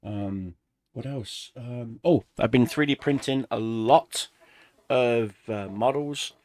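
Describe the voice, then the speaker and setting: A man chatting casually through a life update for his gaming channel, rambling and relaxed, pausing to snack. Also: medium pitch. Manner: rambling, relaxed, eating snacks while talking. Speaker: gaming YouTuber.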